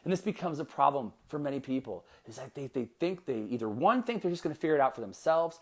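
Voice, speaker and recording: A man hosting his own podcast, talking solo in an energetic, conversational way with quick asides and restarts. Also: a little high. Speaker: podcast host. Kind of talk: solo motivational podcast talk.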